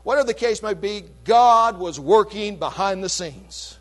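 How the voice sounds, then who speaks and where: A man preaching a sermon, retelling a scripture story in an animated, chatty way with casual asides. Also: sits high, moderate pace.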